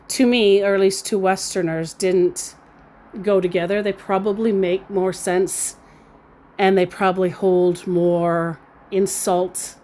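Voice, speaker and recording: A woman's voice: medium pitch, darkish tone. A woman recounting a chat with a scammer in a casual, amused storytelling manner, often laughing. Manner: slow, amused, reads out quotes with laughs.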